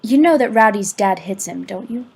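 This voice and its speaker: A woman's voice: medium pitch, lively intonation, vocal fry, breathy edge, poor audio. A woman reading the lines of an earnest adult male teacher in an amateur audiobook, talking urgently and sometimes stammering. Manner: urgent, halting, stammering in places.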